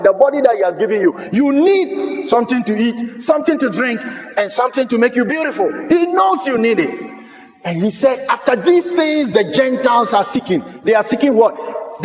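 A man preaching a sermon as pastor, impassioned, at times shouting and mimicking doubters. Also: high voice. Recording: echoey hall with long reverb.

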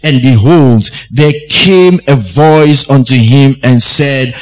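A man preaching a sermon, slow and deliberate, repeating key phrases for emphasis. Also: mid-range voice, rough recording.

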